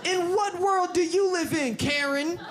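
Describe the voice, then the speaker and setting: A young man doing stand-up comedy, telling an exasperated story with animated shouted bits, into a handheld mic on a club stage. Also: very high voice, a little slow. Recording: loud audience laughter and noise.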